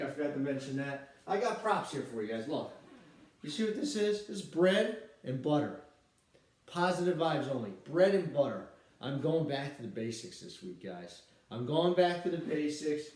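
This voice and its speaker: A man's voice: fairly high pitch, darkish tone. A man hosting a casual fantasy football podcast, talking in a rambling, upbeat way with lots of fillers. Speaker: podcast host, league commissioner. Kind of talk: casual solo podcast chat. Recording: very echoey room, mic at a distance.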